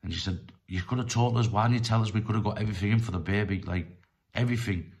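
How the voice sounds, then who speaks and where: A middle-aged man telling a personal story in a rambling, halting way, full of restarts and fillers. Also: lowish voice, darkish tone. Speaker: storyteller vlogger.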